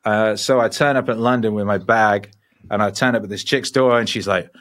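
Talking fast in a voice on the low side, a forties-aged musician guest spins profane, rambling tales during a casual interview. He's an animated storyteller.

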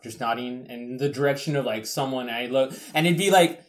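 A man's voice: medium pitch, steady tone, brisk, few pauses, a little hiss or hum. A man in his twenties in casual podcast chat, ranting bluntly and swearing often.

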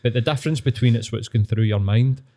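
A man's voice: mid-range voice, fast, dark tone. A Scottish man hosting a podcast, chatting casually and earnestly with plenty of swearing. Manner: swears freely, matey and earnest. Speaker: podcast host.

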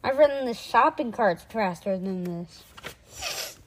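A woman's voice: fairly high pitch, lively intonation, takes it slowly, slight background noise. A woman reading aloud, voicing a cocky young boy named Rip in a children's storybook. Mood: boastful. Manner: cocky, boastful. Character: boy Rip, brash joking kid.

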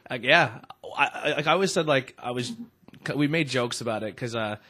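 A man hosting a podcast, chatting in a casual studio interview with a medium-pitched voice. He sounds upbeat and affirming, easily backing his guest up as the talk rolls along. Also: a little fast, sharp tone. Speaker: podcast host. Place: radio studio.

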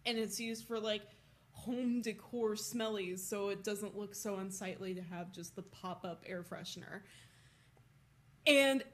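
A young woman co-hosting a podcast, telling a story in a casual, animated way, with lots of swearing and laughter. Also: mid-range voice, a little slow. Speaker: podcast co-host.

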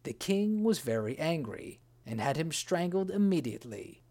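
A narrator reading a storybook in a slow, measured way. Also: medium pitch, big pitch swings, mellow.

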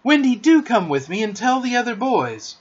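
A man's voice: extremely high pitch, big pitch swings, normal speed, husky, pitched above the performer's own voice, exaggerated voice. A man voicing a boastful, cunning young boy in a storybook reading, with a coaxing, sly manner in a dull lo-fi recording.

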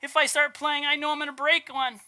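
A man's voice: very high voice, flat delivery, fairly quick, sharp tone, voice pushed up, full character voice. A man doing a mopey pessimistic kid. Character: glum pessimistic young boy.

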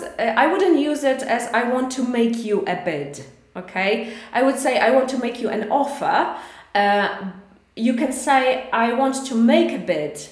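An English teacher with a Polish accent runs a live online lesson, chatting through corrections with lots of fillers and steady encouragement. Her voice is a little higher than most, and the room echoes noticeably.

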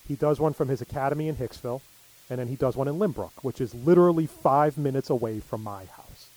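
A man's voice: medium pitch, quick pace, a little mellow, dry recording, poor audio. A middle-aged man telling stories in casual chat, full of fillers. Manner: rambling storyteller, many fillers.

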